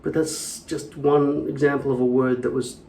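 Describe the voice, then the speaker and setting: Rambling, profane male vlogger at middle pitch, echoey small room, mic at a distance. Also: little pitch movement, normal speed, gravelly, warm tone, a little hiss or hum. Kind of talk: casual chat.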